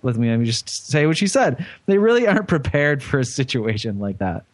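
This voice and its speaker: A man's voice: medium pitch, sing-song, brisk, dry recording. A man co-hosting a comedy podcast, telling a news story in casual, profane, rambling chat. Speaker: podcast co-host.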